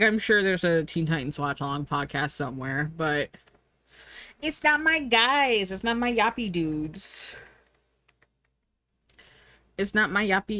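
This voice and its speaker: A woman streamer chatting casually, full of fillers and "like", acting out her own thoughts in lively quoted asides. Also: fairly low pitch, dry recording. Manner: frequent fillers and "like". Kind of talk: casual rambling chat.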